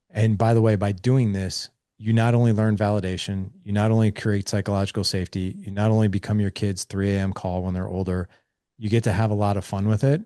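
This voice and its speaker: Energetic low-voiced man giving advice. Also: no echo, studio quality. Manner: energetic, acts out kid and dad dialogue. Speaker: guest on a parenting show. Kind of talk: animated conversational advice.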